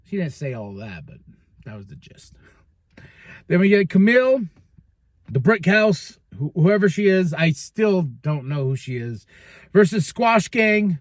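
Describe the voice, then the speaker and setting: A man hosting a podcast, recapping wrestling in a casual monologue, laughing often and slipping into quick mock voices when he quotes people. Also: high-pitched, very animated, no room sound. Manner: laughs often, stumbles and restarts.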